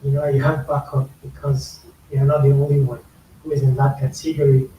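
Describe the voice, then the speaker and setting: A man's voice: mid-range voice, completely flat delivery, a little fast, mellow. Nigerian man explaining slang in an echoey room. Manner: explains slang patiently, repeats phrases for emphasis. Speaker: YouTube music reaction host. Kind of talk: casual explanatory commentary. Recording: echoey room, mic a bit far, faint hiss.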